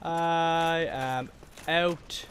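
A man's voice: a little high, steady tone, extremely slow, heavy background noise. A man commentating his own gameplay, swearing and muttering through frustrating moments. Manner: swearing, exasperated outbursts. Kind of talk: let's play commentary.

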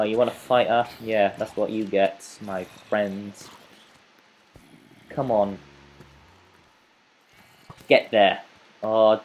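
Young male gamer, frustrated let's play commentary, slow delivery, mid pitch, mutters then yells. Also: muffled recording. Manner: frustrated, swings from muttering to yelling.

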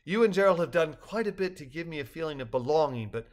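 A man's voice: a little high, lively intonation, fast talker, voice pushed up, close to an everyday voice. An older man voicing a polite, sensitive balloon creature that speaks formally and courteously in a read-aloud story. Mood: gently formal.

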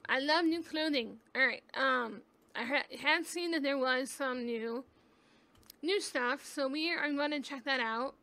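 A woman's voice: sits high, a little slow, bright, forceful tone. A woman giving casual, chatty gameplay commentary at home on a webcam mic, thinking aloud as she goes. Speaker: gaming YouTuber.

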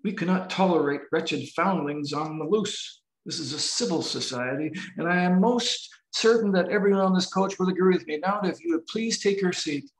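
A man reading aloud voices a pompous, middle-aged wealthy gentleman speaking in a hushed, self-assured way. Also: fairly high pitch, normal speed, hardly any pauses, roomy sound, lightly acted, rough recording.

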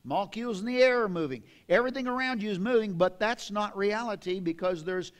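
An older man preaching a sermon in a church, reading scripture with slow, dramatic emphasis. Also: high voice. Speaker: pastor. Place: church sanctuary.

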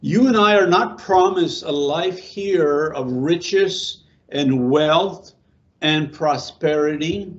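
A middle-aged pastor giving an informal sermon to a small congregation, talking conversationally, asking them questions and repeating words. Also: male voice, a little high, slow pace, muffled recording.

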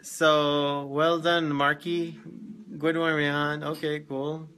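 A man's voice: on the high side, flat delivery, slow, sharp tone. A man hosting a casual live stream, greeting viewers by name and laughing easily.

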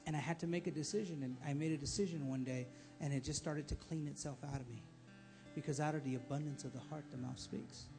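A man's voice: fairly high pitch, vocal fry, mellow. A man preaching a live church sermon, repeating phrases and building to emphatic calls. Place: church service.

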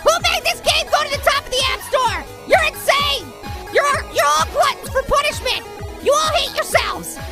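A man voicing a cocky, teasing talking orange in a comedic cartoon gaming skit, squeaky and cartoonish, taunting and shouting in bursts. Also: lively intonation, normal speed, loud music behind the voice. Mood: ranting. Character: cocky loud talking male orange fruit.

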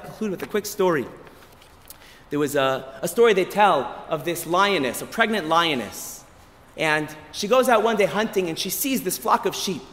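High-pitched rabbi guy, bright sharp voice, preaching in a big echoey hall. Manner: animated, emphatic, repeats words as he builds. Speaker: rabbi giving a short lecture. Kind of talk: sermon with storytelling.

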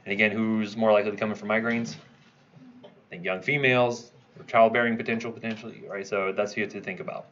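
A man's voice: lowish voice, fairly even intonation, fast, a bit bright, lo-fi sound, slight background noise. A man teaching a pharmacology review class, quizzing students and checking in with "right?" as he goes. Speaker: pharmacology instructor. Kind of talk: review lecture.

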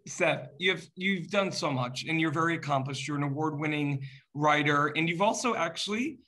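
A man with a somewhat high, bright voice hosts an interview on a video call. He is effusive, piles praise on his guest and talks up the project with eager energy. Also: moderate pace. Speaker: interview host. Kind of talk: enthusiastic interview hosting.

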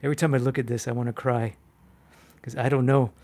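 Man, art instructor on a live stream; chatty, animated, self-mocking, filler-heavy. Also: medium pitch, fast. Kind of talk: live-stream drawing demo, answering chat.

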